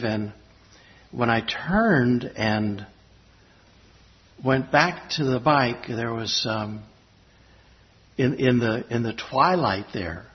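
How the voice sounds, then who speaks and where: A male pastor at a middle pitch delivers a sermon through a slightly dull, lo-fi recording. He tells a personal story reflectively, pausing and restarting as he goes.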